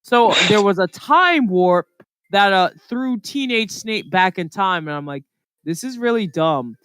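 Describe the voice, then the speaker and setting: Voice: medium pitch, lively intonation, a little slow, fairly bright tone, clear, resonant tone. A podcast co-host chatting casually, rambling through stories with lots of fillers. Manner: rambling, filler-heavy storytelling. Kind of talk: casual chat.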